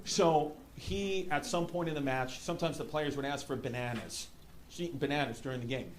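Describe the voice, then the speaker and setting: A man from New York City with a New York accent, doing a stand-up comedy set with rambling, animated storytelling. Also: fairly high pitch, a little fast. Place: comedy club stage. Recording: live club room with audience noise. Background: audience laughter.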